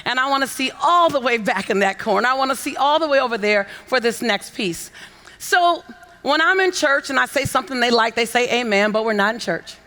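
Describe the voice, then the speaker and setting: A woman giving a motivational keynote on a conference stage, coaxing the audience into call-and-response and building to shouts with repeated phrases. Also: high voice, animated, fairly quick. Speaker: motivational speaker. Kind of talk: keynote speech to a conference crowd. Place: large conference hall on stage.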